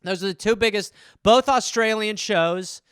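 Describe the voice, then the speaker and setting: A man's voice: sits high, normal speed, fairly bright tone, clear, resonant tone, no echo, studio quality. A man hosting a comedy podcast, riffing casually in a rambling way full of "like" and restarts, swearing freely.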